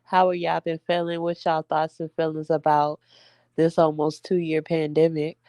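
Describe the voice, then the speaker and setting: A woman's voice: deep voice, flat delivery, normal speed, warm tone, clean tone, no room sound, studio quality. A young woman venting to her viewers in a casual, emphatic heart-to-heart, addressing them as y'all. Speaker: vlogger.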